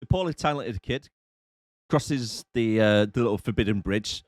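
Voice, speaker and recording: A man's voice: lowish voice, lively intonation, normal speed, no room sound, studio quality. A young man co-hosting a casual movie review podcast, recapping the plot and laughing often. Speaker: podcast co-host.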